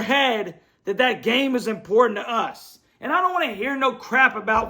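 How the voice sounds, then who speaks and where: A man's voice: very high-pitched, sing-song, normal speed, hardly any pauses, pushed and bright. A man hosting a fan show, ranting bluntly and repetitively in frustration after a loss, speaking from his computer at home. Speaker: sports fan show host. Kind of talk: angry post-game rant. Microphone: computer setup.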